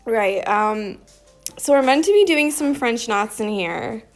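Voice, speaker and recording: A woman's voice: fairly high pitch, animated, unhurried. A woman hosting a casual embroidery live stream, chatting on and rambling with frequent laughter. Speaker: embroidery livestream host.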